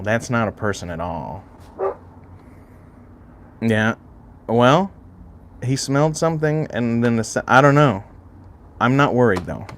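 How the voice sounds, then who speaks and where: A man's voice: mid-range voice, slight background noise. Male streamer raised in Alaska, mid-range voice, loose rambling chat full of cursing, addressing viewers directly. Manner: rambling and heavily profane, chatting directly to viewers. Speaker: livestream host. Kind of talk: casual livestream chat with viewers.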